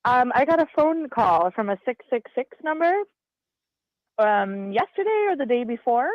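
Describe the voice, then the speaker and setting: A woman calling in to a radio show, chatting and telling her story in a lively, talkative way over the phone. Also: on the high side, normal speed, no room sound. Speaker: caller. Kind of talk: casual call-in chat. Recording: slightly muffled phone line.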